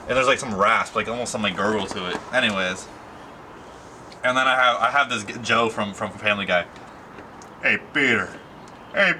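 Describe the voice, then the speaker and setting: A young man talks straight to his camera in a loose, rambling way, full of fillers and casual slang. His voice sits at an ordinary middle pitch. A clear, steady background noise runs under everything he says. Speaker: vlogger.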